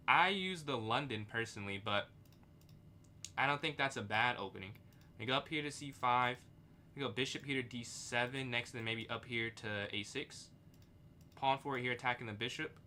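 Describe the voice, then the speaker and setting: A man's voice: medium pitch, slight background noise. A young man streaming chess live, thinking aloud about his moves and answering chat. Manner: thinks aloud, reads chat, excitable outbursts.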